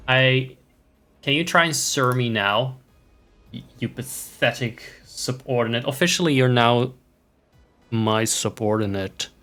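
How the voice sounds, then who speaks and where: A man at medium pitch talks through a game stream, casual and rambling, with a wry, mock-lordly streak and plenty of swearing. Faint game music plays quietly behind him. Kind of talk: casual gameplay chat with viewers.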